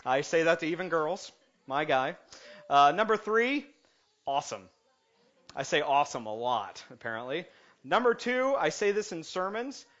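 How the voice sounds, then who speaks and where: Brief: male pastor, bright forceful voice, joking then earnest sermon, dull lo-fi recording. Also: on the high side, moderate pace. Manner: jokey and animated, then calm and earnest. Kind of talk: lighthearted sermon. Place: church sanctuary. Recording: muffled lo-fi sound.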